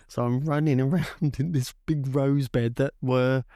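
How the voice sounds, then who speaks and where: A man, co-hosting a podcast and telling a childhood story in an animated, chatty way. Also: normal speed, hardly any pauses, dry recording, clean studio sound. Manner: animated, acts out voices with big pitch jumps. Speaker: podcast co-host. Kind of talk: casual storytelling chat.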